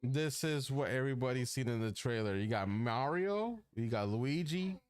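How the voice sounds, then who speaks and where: A man's voice: medium pitch, lively intonation, normal speed, clear, resonant tone. A man co-hosting a casual gaming podcast, reading through a long character list and stumbling over names. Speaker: podcast co-host.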